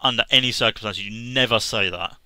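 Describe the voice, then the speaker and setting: A man talking sincerely to camera as a gaming vlogger, halting with restarts and fillers. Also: lowish voice, bright, forceful tone, no echo. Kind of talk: casual earnest talk to camera.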